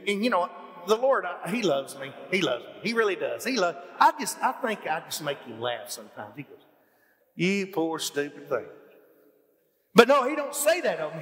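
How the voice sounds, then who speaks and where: A man preaching a folksy, animated sermon to his church, full of emphatic questions. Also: high voice, in a large hall. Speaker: pastor. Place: church hall.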